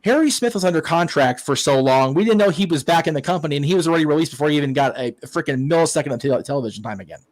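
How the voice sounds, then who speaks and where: A man's voice: a little high, lively intonation, rapid-fire, hardly any pauses, no echo, low-quality recording. A man hosting a wrestling watch-along, ranting casually with profanity and stammered restarts. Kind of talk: casual online chat.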